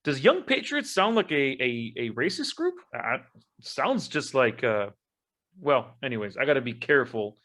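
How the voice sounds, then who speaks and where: A male podcast host in loose, irreverent chat, tossing in crude jokes and short laughs. His voice sits at an ordinary middle pitch. He stumbles into restarts as he reads an article aloud. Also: big pitch swings, moderate pace, fairly bright tone.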